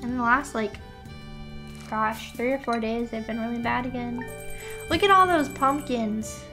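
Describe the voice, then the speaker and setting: A young woman with a high, unhurried voice chats playfully with her stream while she plays. She sounds sleepy and drops gamer slang. Game music runs steadily behind her, and keys click now and then. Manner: chatty, playful, answers chat, gamer slang. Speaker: VTuber streamer. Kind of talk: casual gameplay chat.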